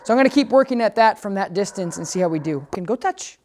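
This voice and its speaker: A woman's voice: medium pitch, lively intonation, fast talker, darkish tone, slight background noise. Chatty woman dog trainer explaining. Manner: chatty and explanatory, with frequent restarts. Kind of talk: casual instructional demonstration. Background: background music.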